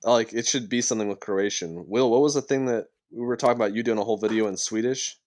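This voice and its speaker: A man's voice: fairly low pitch, fast talker, a little mellow. A man co-hosting a podcast, asking questions in a hesitant, casual way. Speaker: podcast co-host. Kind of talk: casual chat.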